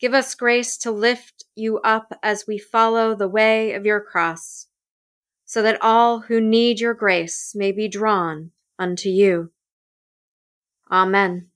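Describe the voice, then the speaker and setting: A woman reading scripture and a prayer in a solemn, measured way. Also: mid-range voice, fairly even intonation, a bit bright. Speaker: liturgy reader.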